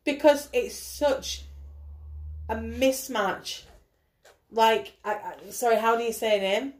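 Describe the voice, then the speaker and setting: A woman in casual film chat, quick to pick at the film's flaws. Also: a little high, darkish tone.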